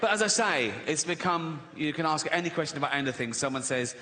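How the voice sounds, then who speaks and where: A man's voice: on the high side, expressive, moderate pace, sharp tone. A man in his sixties with an English accent, doing a sardonic stand-up routine and acting out little voices. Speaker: stand-up comedian. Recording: live arena reverb, faint noise.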